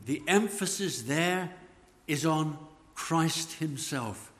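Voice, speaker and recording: A man preaching a sermon, slow and emphatic, letting phrase ends fall away. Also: on the high side, lively intonation, a bit bright. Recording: long church reverb.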